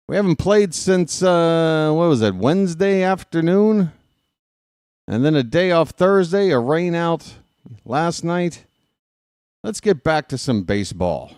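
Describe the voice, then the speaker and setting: A man's voice: fairly high pitch, sing-song, unhurried, darkish tone, no echo, studio quality. A man hosting a casual live baseball stream, rambling and joking with his chat. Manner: rambling, self-mocking, jokey asides.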